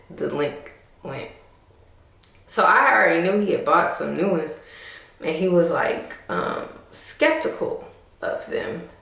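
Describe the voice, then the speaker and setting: A young woman telling a storytime to camera in an animated, sassy way, talking straight to her viewers. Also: mid-range voice, creaky. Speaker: vlogger. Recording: echoey room.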